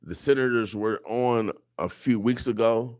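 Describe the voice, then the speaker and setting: Speaking unhurriedly in a mid-range voice, a man hosting a radio show delivers an impassioned, emotional, and preachy monologue packed with repetition. The radio studio recording is studio quality with no room sound.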